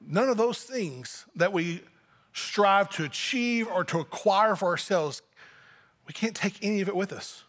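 A man's voice: high-pitched, a bit bright. Man, pastor, sermon, conversational, acts out dialogues, long church reverb. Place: church sanctuary.

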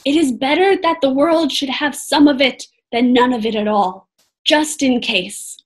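A woman reading a storybook aloud voices a frail, gentle, elderly monk with a thin voice. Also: high voice, a little slow, breathy edge. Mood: pleading.

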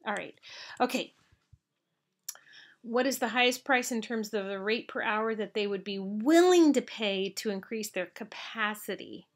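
A woman's voice: mid-range voice, unhurried. A woman lectures through an accounting exercise step by step. Her delivery is casual and conversational, with asides and frequent "all right?" check-ins. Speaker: accounting instructor. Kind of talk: lecture walking through a problem.

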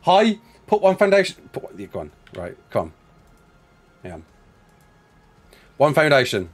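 A young Brummie from the West Midlands, England, his voice a little high, reads chat questions during a survival game livestream. He's fast and excitable, breaking into laughter often.

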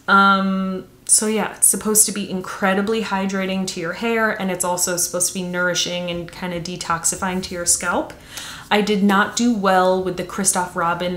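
A woman's voice: lowish voice, fairly bright tone, echoey room. Chatty woman doing a beauty haul. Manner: chatty, enthusiastic, lots of fillers. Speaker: beauty vlogger. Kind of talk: casual product haul chat.

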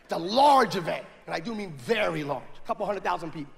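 Fast, gravelly high-voiced male preacher. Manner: animated, builds to shouting. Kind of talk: sermon storytelling. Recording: echoey hall with faint noise.

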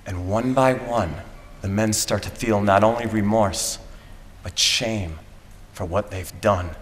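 A man giving a graduation speech, telling a dramatic story with slow, deliberate pauses. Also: on the low side. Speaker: commencement speaker. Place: school graduation ceremony. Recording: echoey hall from a PA.

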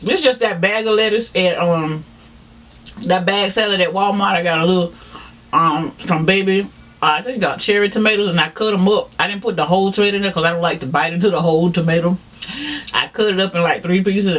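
A man's voice: high voice, brisk, fairly bright tone. A man with a Southern US accent, chatting casually to viewers while eating on camera, laughing often and saying "y'all". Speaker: mukbang vlogger. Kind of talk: casual eating-show chat.

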